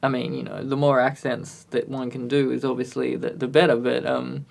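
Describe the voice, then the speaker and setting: A man's voice: medium pitch, little pitch movement, normal speed, gravelly. A man live-streaming a music recording session, thinking aloud and chatting with viewers in a self-deprecating way. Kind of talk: casual live-stream chat.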